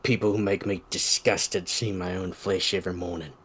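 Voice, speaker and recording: Low-voiced man playing a tabletop game. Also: fairly even intonation, normal speed, a bit bright, slight background noise. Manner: terse, deferential in character. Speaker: player.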